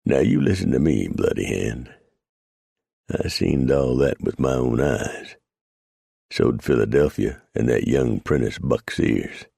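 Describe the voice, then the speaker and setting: A man voicing a grizzled, dry-humored male mountain man with an unhurried frontier drawl, read as an audiobook. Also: rumbling low, animated, gravelly, warm tone, slightly rough, no echo, heavily acted.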